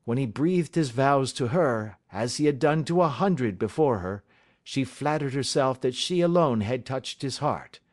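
A man reading a calm, stern detective. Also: mid-range voice, lightly acted. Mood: explaining. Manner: composed, deliberate, authoritative. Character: calm, stern male detective, measured and assured. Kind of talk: audiobook character reading.

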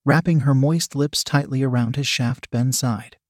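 A man reads an erotic story aloud in a plain, steady voice at a mid pitch. The recording is close and dry, with no room sound around him. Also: moderate pace, dry recording. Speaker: narrator.

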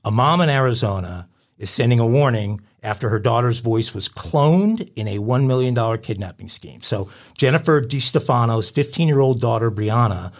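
A man co-hosting a crime podcast, reading out news stories in a conversational way with frequent ums and uhs. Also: mid-range voice. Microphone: podcast studio mic.

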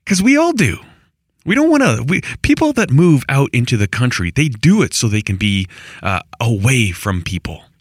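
Very animated, with a mid-range, slightly rough voice and a moderate pace, the homestead vlogger delivers a rambling, conversational monologue to camera. This middle-aged man restarts often and adds exasperated asides, and the audio is clean studio sound with no room echo.

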